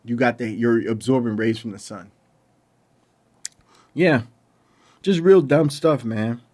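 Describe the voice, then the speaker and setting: A man in the middle of a casual film review, plainly fed up with what he saw. His speech is loose and colloquial, and he stumbles and restarts as he builds his complaints. His voice sits at an ordinary middle pitch for a man. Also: slow, darkish tone. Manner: exasperated, ranting with frequent restarts. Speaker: movie reviewer.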